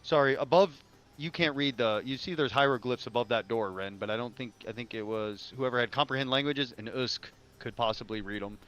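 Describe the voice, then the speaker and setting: A man's voice: medium pitch, a little fast, fairly bright tone, lo-fi sound. A man narrating as game master of a tabletop game, describing passages in a rambling, self-correcting way.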